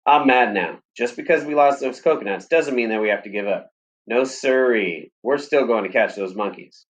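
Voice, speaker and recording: A man reading aloud, voicing a gruff, stubborn old grandfather with a drawling manner. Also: medium pitch, moderate pace, close to an everyday voice.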